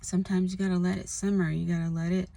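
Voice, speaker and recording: Low-voiced woman rambling earnestly. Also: flat delivery, fast, creaky, mellow. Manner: rambling, heavy on "like" and "you know"; earnest, confessional. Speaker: spiritual vlogger. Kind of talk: casual spoken monologue.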